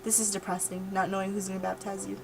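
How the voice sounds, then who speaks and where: A woman's voice: medium pitch, little pitch movement, fast talker, creaky, darkish tone, poor audio. A young woman talking casually to her webcam in a diary-style vlog, rambling and repeating herself. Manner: rambling, chatty, repeats words. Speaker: vlogger.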